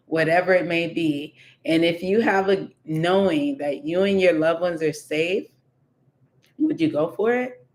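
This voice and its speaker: Speaking slowly in a low register, a woman gives a casual tarot reading. She thinks out loud with plenty of fillers and keeps repeating her questions to the cards.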